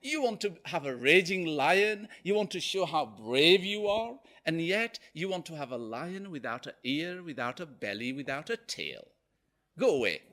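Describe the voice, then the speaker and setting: A man's voice: a little high, sing-song, moderate pace, pushed and bright. A man doing a fed-up, scolding barber. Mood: exasperated. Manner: scolding, exasperated. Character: fed-up, exasperated adult male barber.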